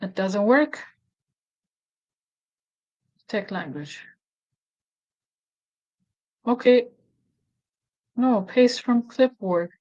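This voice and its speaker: A woman hosting a casual screen-recorded software walkthrough, thinking aloud and correcting herself with frequent restarts. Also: on the high side, very slow, pauses often, lo-fi sound. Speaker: tutorial host.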